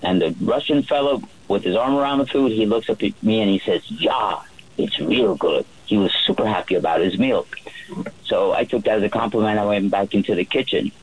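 Husky-voiced man telling stories. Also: on the low side, brisk, rough recording. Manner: rambling, lots of fillers and restarts. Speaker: private yacht chef. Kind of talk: telling stories in a radio interview.

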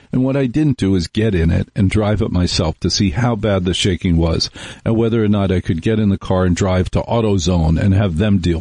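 A middle-aged male radio host with a low, slightly husky voice, rambling casually through wry anecdotes into a studio microphone. The sound is dry and close, with no room around it. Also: a little mellow, no echo. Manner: rambling, wry, storytelling with acted-out quotes. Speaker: radio talk show host.

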